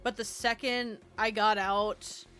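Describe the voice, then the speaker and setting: Bright-voiced young woman streamer chatting. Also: mid-range voice, little pitch movement, slow pace, clear, resonant tone. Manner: rambling, self-deprecating, swears freely. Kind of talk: casual live-stream chat while building in a game. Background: faint game music.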